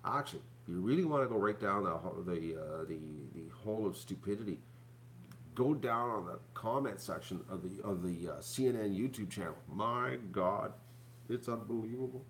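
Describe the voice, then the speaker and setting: A man with a lowish, voice chats to his viewers in a loose, rambling way, stumbling over restarts and filling gaps with ums. A faint hum sits under the recording. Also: moderate pace, a bit bright. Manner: rambling, many fillers and restarts, chatty asides to viewers. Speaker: YouTube channel host. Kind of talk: casual rambling chat to viewers.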